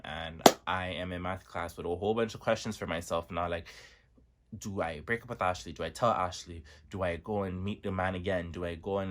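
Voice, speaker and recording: Animated young man telling a wild story. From Toronto, Canada. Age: 20s. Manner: animated, dramatic storyteller with big pitch swings. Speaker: vlogger. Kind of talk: storytime vlog.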